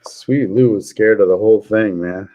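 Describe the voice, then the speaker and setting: A man's voice: lowish voice, normal speed, dark tone. A man hosting a casual livestream chat, telling jokey stories and chuckling often. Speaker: livestream host.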